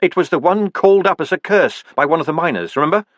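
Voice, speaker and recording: A young woman police sergeant, played by a man, quick and loyal, lifting her voice high to reassure her boss. Her lines come in a lively, animated rush, close and dry. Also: dry recording, lightly acted. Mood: eager.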